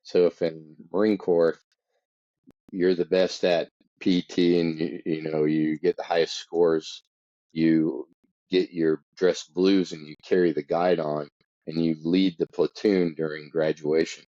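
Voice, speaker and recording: A man with a very low, dark voice talks in a relaxed, matter-of-fact way. He is a former Marine hosting a casual chat. The recording sounds a little dull and muffled. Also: a little slow, dry recording. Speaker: podcast host and former Marine.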